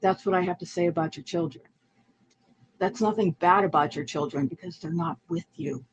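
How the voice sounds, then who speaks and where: A woman's voice: on the low side, a little fast, slightly rough, highs cut off. A woman in a heated online argument who repeats herself in a taunting, contemptuous way.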